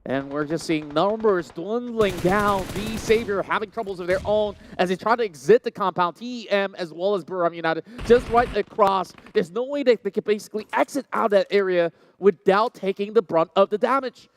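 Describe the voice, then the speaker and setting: Excited male esports caster. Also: sits high, slight background noise. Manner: energetic, fast-shifting delivery with sudden excited bursts. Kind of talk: live play-by-play commentary.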